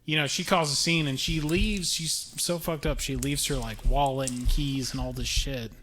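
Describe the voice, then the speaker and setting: A man's voice: medium pitch, moderate pace, crowd noise. A young man co-hosting a podcast, telling a story in casual chat, swearing freely and acting out the people in it. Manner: animated storyteller, acts out quoted people, swears freely, laughs often. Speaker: podcast co-host.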